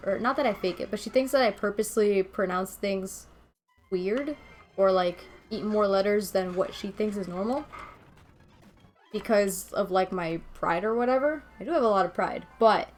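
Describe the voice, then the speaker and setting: A woman in her twenties from Venezuela, a game streamer chatting casually and rambling with her viewers, quick to laugh. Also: medium pitch.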